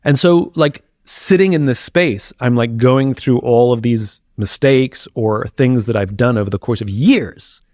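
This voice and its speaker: A man's voice: medium pitch, measured pace, hardly any pauses, a little mellow, no room sound. Candid, reflective man speaking in a dry room. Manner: reflective and candid, thinking aloud. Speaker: guest. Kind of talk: candid conversational interview.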